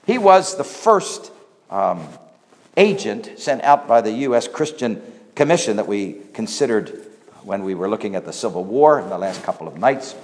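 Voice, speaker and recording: Male preacher, lively pitch, swells and drops, echoing church hall. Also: a little hiss or hum. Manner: animated delivery, voice swelling on emphasis then dropping low. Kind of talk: sermon.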